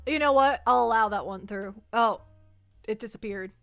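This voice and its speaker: A woman streamer chatting casually on a livestream, excitable and giggly, often stammering and restarting. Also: fairly high pitch, moderate pace, clear, resonant tone, faint music behind. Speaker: VTuber streamer.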